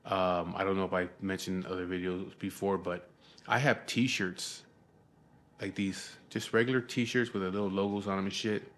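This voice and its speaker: A man's voice: low-pitched, level tone, normal speed, a bit bright. A middle-aged man, telling a profane, rambling story to camera in a casual vlog. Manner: profane, rambling, frequent "you know what I mean". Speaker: vlogger.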